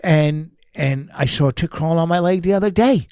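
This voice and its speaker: A man's voice: on the high side, fairly quick, a little mellow, smooth, no room sound, clean studio sound. A man in a heated casual argument with his partner, blunt and defensive, cutting in often. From grew up around an aggressive way of talking.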